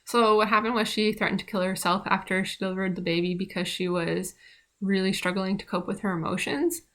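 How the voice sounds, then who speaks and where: A woman's voice: medium pitch, flat delivery, a little fast, a bit bright. A young woman casually telling a rambling personal story about her midwifery training, with many fillers and restarts.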